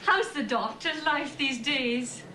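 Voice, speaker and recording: A woman's voice: high-pitched, slow pace. An actress playing a doting older Scottish mother who greets visitors in a fussing, sing-song way, heard from a roomy film soundtrack with background noise.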